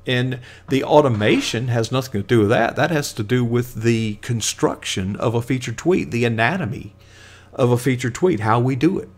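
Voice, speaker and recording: Gravelly guy rambling on his live stream, lots of ums and uhs, chatty. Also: mid-range voice, moderate pace. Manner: chatty, rambling, many fillers and asides. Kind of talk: casual live stream talk.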